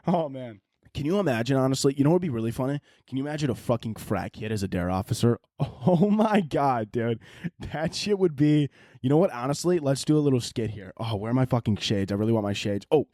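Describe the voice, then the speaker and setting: A young man hosting a podcast, telling comedic stories in an animated, profane, mocking way. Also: medium pitch, brisk, no room sound, studio quality. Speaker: podcast host. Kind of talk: comedic storytelling monologue.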